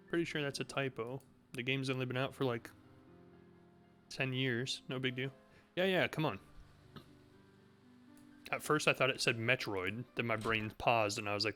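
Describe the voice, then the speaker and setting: A man's voice: medium pitch, moderate pace, pauses often, bright, forceful tone, soft background music. A man playing a game and reading its text aloud, with sarcastic, joking asides. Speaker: game streamer.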